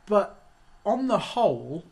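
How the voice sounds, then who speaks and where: A man's voice: high voice, sing-song, slow pace, vocal fry, a little mellow. A man co-hosting a casual podcast chat with dry humour and jokey asides. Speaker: podcast co-host.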